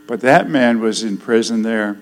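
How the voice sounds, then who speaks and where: An older man preaching a sermon, swinging between loud declarations and hushed, solemn passages. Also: fairly low pitch, normal speed, poor audio.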